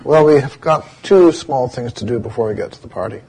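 A man giving a dharma talk as a meditation teacher, telling stories and slowly spelling out Sanskrit chant words. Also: medium pitch, dark tone, slightly rough.

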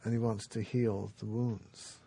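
A man giving a dharma talk, telling a traditional story in a relaxed, unhurried way with many pauses. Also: lowish voice. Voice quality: gravelly and very husky. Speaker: dharma teacher.

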